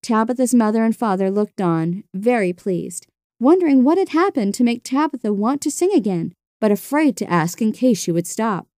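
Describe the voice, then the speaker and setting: A woman narrating a children's storybook in a gentle, expressive way. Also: fairly high pitch, moderate pace, no room sound, clean studio sound.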